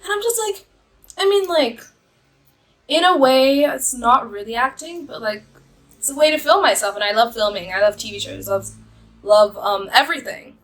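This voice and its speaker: A woman's voice: fairly high pitch, normal speed, fairly bright tone, rough recording. A young woman vlogging, telling rambling stories to camera with lots of fillers and giggles. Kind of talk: casual storytelling to camera.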